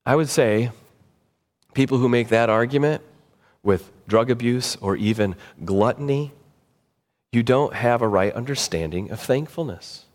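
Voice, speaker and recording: A man preaching a sermon as pastor, animated, acting out quoted voices with big jumps in pitch. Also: a little slow. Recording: long hall reverb.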